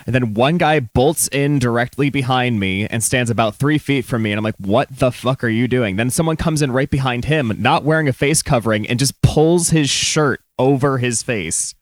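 A man's voice: mid-range voice, normal speed, few pauses, dry recording. A man co-hosting a casual podcast, telling stories in an exasperated way with lots of swearing. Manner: profane, exasperated storytelling. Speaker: podcast co-host. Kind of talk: casual chat.

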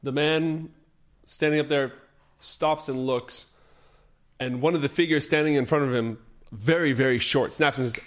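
A man's voice: medium pitch, steady tone, normal speed. A man narrating a tabletop game as game master, descriptive and self-correcting as he goes.

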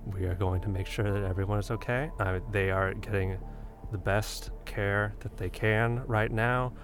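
A man voicing a numb young man in shock, talking flatly and quietly in halting bits. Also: on the low side, over music, close to an everyday voice. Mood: numb resolve. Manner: flat, quiet, halting delivery.

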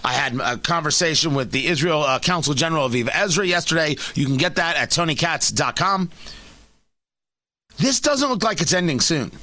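A talk radio host, a man, delivering a combative opinion monologue from a studio mic. His voice sits high and sounds bright and forceful. The sound is dry, with no room echo. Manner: emphatic and combative, repeats words when starting a point.

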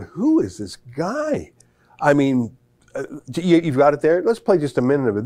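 A man's voice: mid-range voice, dark tone, no echo. A man hosting a commentary talk show, chatting casually and hesitantly, with many fillers and restarts. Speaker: host.

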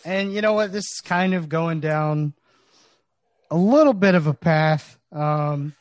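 Guy on a podcast, kinda high voice, joking around all serious-like, dry mic. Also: a little slow, dry recording. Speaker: podcast co-host. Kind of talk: casual comedic chat.

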